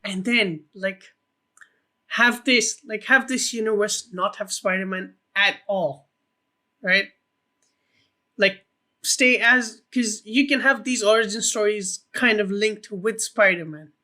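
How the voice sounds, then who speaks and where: Excitable male co-host, high pitched, rambling, heavy swearing. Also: takes it slowly. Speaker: podcast co-host. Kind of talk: casual film podcast chat.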